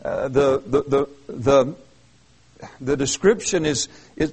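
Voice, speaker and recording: A man's voice: mid-range voice, measured pace, a little mellow, breathy edge, low-quality recording. A man preaching an expository sermon, reading verses aloud and explaining them earnestly with emphatic, repeated phrases. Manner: earnest, emphatic, with frequent restarts. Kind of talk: expository Bible teaching.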